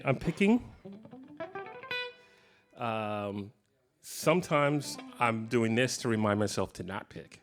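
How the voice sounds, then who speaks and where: Relaxed low-voiced man teaching guitar. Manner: relaxed, rambling, many fillers. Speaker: guitar clinic presenter. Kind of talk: casual teaching talk. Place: guitar shop. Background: guitar playing.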